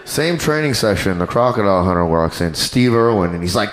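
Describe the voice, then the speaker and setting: A man doing a stand-up comedy set on a club stage, animated and crude in his delivery. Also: lowish voice, a little fast, hardly any pauses, a little hiss or hum. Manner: animated, crude, jumps into character voices.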